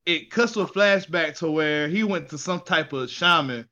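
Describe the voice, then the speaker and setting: An excitable man recounts a story in loose, slangy chat, swearing and laughing along the way. His voice sits a little high and rings bright and forceful. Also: normal speed, muffled recording. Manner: slangy, says y'all and ain't. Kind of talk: casual chat.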